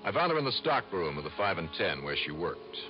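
Deep dry hard-boiled radio narrator, dull old recording with music. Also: male voice, big pitch swings, brisk. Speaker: insurance investigator narrator. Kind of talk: 1950s radio drama acting.

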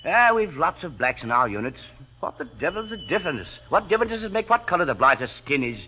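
An actor in a 1940s-style radio drama playing a cheery, blunt Australian cavalry lieutenant with an Australian accent and chummy, slangy talk. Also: male voice, fairly high pitch, very animated, fast talker, a little hiss or hum. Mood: hearty. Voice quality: slangy, chummy, frequent hesitations. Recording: dull old radio recording.

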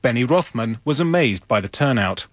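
A man reading a scripted documentary narration in a measured, even manner. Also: mid-range voice.

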